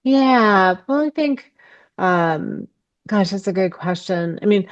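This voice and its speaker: Slow, low-voiced thoughtful woman guest. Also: clear, resonant tone, dry recording, highs cut off. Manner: thoughtful, halting, many ums. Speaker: podcast guest, ecopsychology author. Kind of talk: reflective interview conversation.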